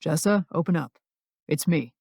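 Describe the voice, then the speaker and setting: A woman putting on a gruff protective rich man. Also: sits low, normal speed, darkish tone, no room sound, studio quality, voice pushed down. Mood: worried. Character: gruff protective billionaire man, young adult.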